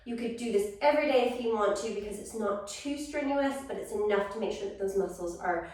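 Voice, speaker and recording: A woman's voice: mid-range voice, fairly quick. Far-off woman cueing a core workout. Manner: calm step-by-step cueing. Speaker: fitness instructor. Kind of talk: guided exercise class. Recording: echoey room, far from mic.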